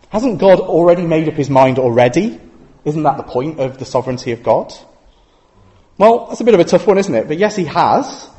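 Male preacher, mellow tone, lively higher voice, conversational sermon with rhetorical questions.

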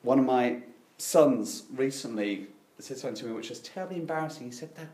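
A man's voice: medium pitch, animated, a little fast, mellow, reverberant. A middle-aged man preaching a sermon, telling stories with dry, self-deprecating irony.

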